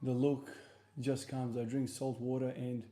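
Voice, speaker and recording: Unhurried and medium in pitch, this man's Australian accent marks him as being from South Australia. Between gym sets on his livestream, the streamer and lifter answers questions from chat in a relaxed, rambling way.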